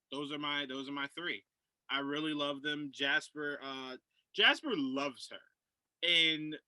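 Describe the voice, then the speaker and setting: A man's voice: a little high, pushed and bright, dry recording, rough recording. A man co-hosting a casual podcast film review, enthusiastic and repeating himself as he talks.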